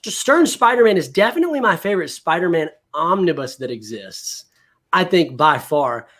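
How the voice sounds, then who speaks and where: A livestream host chatting casually about comics and films, thinking aloud. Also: medium pitch. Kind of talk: casual chat.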